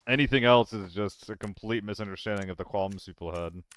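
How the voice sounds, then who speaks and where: A man giving casual commentary while streaming a game, rambling and answering chat, with hiccups and throat clearing. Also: lowish voice, brisk, a bit bright.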